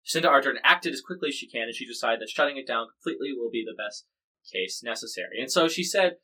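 A man's voice: mid-range voice, expressive, fast, bright, forceful tone, poor audio. An American man co-hosting a casual news podcast, explaining stories in a chatty, jokey, rambling way. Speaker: podcast co-host.

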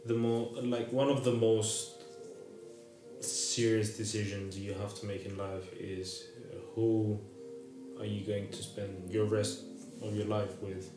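A man's voice: lowish voice, little pitch movement, slow. Hesitant man, echoey room. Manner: hesitant, restarts, thoughtful. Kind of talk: casual chat. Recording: echoey room with music behind.

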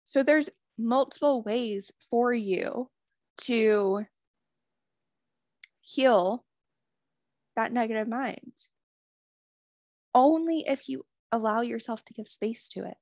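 A woman with a fairly high voice gives an earnest motivational self-help talk, dropping swear words and repeating affirmations. The sound is dry and close, with no room echo. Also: takes it slowly, pauses often, darkish tone. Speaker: spiritual wellness host.

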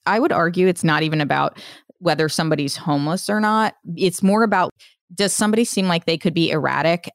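A woman hosting a podcast in casual chat, candid and quick to laugh, swearing freely. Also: low voice, creaky, no room sound, clean studio sound. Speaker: podcast host.

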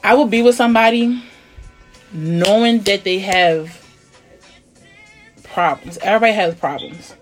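A woman in casual chat, talking bluntly and emphatically, often swearing, sometimes dropping to a low, quiet tone. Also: unhurried, long pauses, faint music behind. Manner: blunt, profane, emphatic venting; drops to a low, quiet tone to make a point. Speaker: conversation partner.

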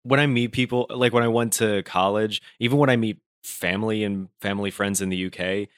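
A man's voice: fairly low pitch, fairly even intonation, a little fast, clear, resonant tone, dry recording, studio quality. A young man from Brooklyn with a general American accent, a voice actor chatting casually and rambling through stories with many fillers. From Brooklyn, New York. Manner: rambling, hesitant storytelling with fillers. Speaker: voice actor guest. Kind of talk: casual chat.

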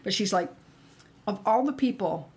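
A woman's voice: medium pitch, animated, moderate pace, darkish tone. A middle-aged woman in casual conversation, telling candid stories and acting out the people she quotes. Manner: candid storyteller, acts out quoted dialogue. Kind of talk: casual chat.

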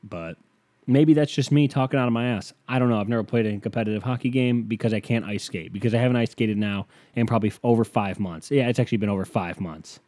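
A man's voice: fairly low pitch, fast, a little mellow, dry recording. Profane rambling young man podcasting. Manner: profane, self-mocking, rambling. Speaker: podcast host. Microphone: headset mic.

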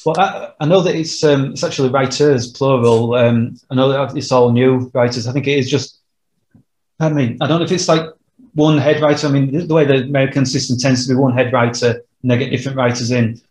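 A man's voice: medium pitch, steady tone, fairly quick, darkish tone. A man co-hosting a casual podcast chat, hesitant, with many "um" and "I don't know". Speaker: podcast co-host. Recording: roomy echo.

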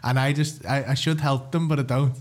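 A man chatting as a podcast guest, telling lively anecdotes and swearing casually. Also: mid-range voice, a little fast. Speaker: comedian and fighter, guest. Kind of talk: casual chat.

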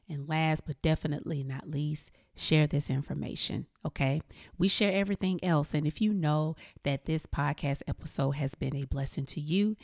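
A woman hosts her own podcast in a low, gravelly voice with a dark, mellow tone. She talks emphatically to her listeners and often stops to ask "okay?". The sound is dry and close, with no room echo. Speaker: podcast host and counselor. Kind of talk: solo podcast talk, motivational.

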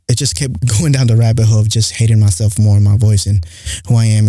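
A young man with an accent talks on his podcast in a loose, rambling monologue, leaning on "like" as he goes. His voice is very dark and mellow. It is recorded close and dry. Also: lowish voice, no echo. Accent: non-standard English accent. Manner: rambling and candid, heavy use of "like". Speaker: podcast host. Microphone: studio mic close up.

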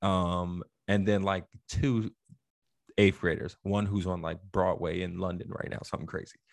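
A man on a podcast telling a story in a lively way, acting out the voices of the people in it. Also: low-pitched, moderate pace, gravelly, dry recording, studio quality. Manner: animated storyteller, acts out quoted voices. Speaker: podcast co-host. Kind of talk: casual storytelling chat.

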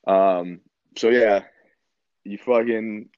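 A man's voice: lowish voice, steady tone, extremely slow, a little mellow, no room sound. A man in his twenties from Canada, telling a story in a laid-back way, full of swearing and filler words. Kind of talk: casual storytelling. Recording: dull, slightly muffled dry recording.

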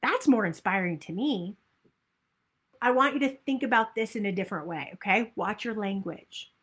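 A woman giving a motivational talk as a weight-loss coach, upbeat and animated, acting out people's inner voices. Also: mid-range voice, moderate pace, breathy edge.

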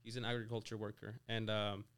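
This podcast guest, a Mexican auto shop owner in his twenties, recounts his story in a relaxed chat studded with "like," "you know," and restarted words. He speaks a little fast, with a fairly low pitch, a bit of brightness, and flat delivery.

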